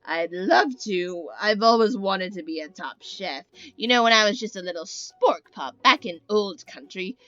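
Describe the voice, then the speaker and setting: A woman voicing a lonely, chatty male spork monster in a slow, sinister, clown-like drawl. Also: medium pitch, lively intonation, a bit bright, no echo, dull audio. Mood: creepy chatty.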